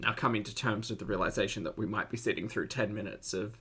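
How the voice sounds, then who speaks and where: A man with an Australian accent giving casual reaction commentary, chatty and giggly, often breaking into loud excited laughter. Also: fairly low pitch, fast, heavy background noise.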